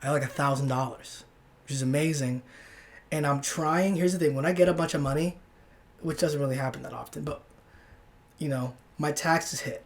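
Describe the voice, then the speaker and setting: A man's voice: on the high side, moderate pace, long pauses. A young man talks on his own podcast in a loose, rambling way. He starts sentences over, trails off and swears casually as he tells a story about his night out. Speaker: podcast host. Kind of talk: casual solo monologue.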